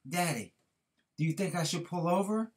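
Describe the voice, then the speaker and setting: A man's voice: high voice, lively intonation, normal speed, pitched above the performer's own voice. A man voicing a scared young girl, a new driver, who pleads anxiously with her father. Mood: frightened.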